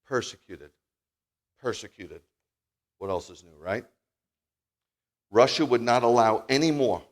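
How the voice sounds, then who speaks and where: Male preacher, animated and folksy; big volume swings, talks straight to the room. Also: mid-range voice, unhurried. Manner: animated, swings from loud declaring to near-murmured asides. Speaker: congregation leader preaching. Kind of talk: sermon with personal storytelling. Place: Shabbat service in a congregation.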